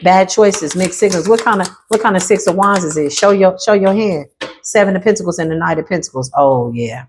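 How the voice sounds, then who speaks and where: Woman, tarot reading, sassy, emphatic, repeats herself, high exclamations, lowish voice. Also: fairly quick, a little hiss or hum. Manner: swings into high exclamations and asides. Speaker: tarot reader.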